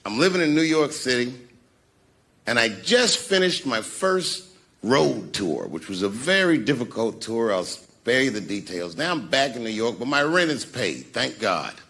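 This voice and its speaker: A man telling a profane stand-up story, swinging between loud outbursts and hushed mumbles. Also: medium pitch, sing-song, a little slow. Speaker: stand-up comedian.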